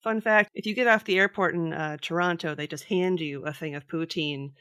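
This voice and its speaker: An American woman with a Minnesotan accent, hosting a podcast in a playful casual chat, quick with quips. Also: lowish voice, bright, forceful tone, smooth, no echo, clean studio sound. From United States. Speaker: podcast host.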